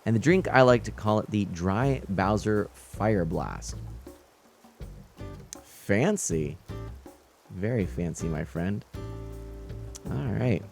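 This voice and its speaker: A man with a somewhat low voice gives live commentary on a fishing game. He talks casually to his viewers, reading their messages and laughing often. Faint game music plays behind him. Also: takes it slowly, creaky, pauses often. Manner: chatty, reads out chat and greets viewers, nervous excited laughs. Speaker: game streamer.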